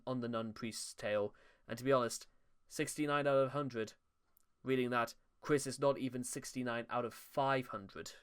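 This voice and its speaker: Young man, commentary host, smooth clear voice, mid pitch; wry and sarcastic, stumbles and restarts. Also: fairly bright tone. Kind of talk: mocking commentary reading scripted narration.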